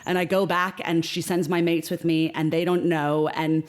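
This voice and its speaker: A woman in her forties from the United States with an American accent, a podcast guest telling stories in a lively way and acting out her friends' voices. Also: low-pitched, moderate pace. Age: 40s. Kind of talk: casual storytelling.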